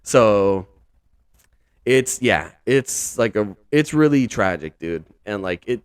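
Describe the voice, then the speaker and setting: A man's voice: lowish voice, animated, takes it slowly, smooth, dry recording, studio quality. A man hosting a casual podcast, rambling and exasperated, with lots of filler words and slang. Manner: rambling, heavy use of "like", "dude" and "bro"; incredulous, exasperated. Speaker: podcast host.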